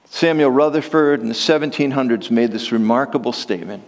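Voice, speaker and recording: A man's voice: a little fast, few pauses, long reverb tail. A man, a pastor, preaching a sermon and reading long quotations aloud. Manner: reads long quotations aloud, rising high for voiced prayers.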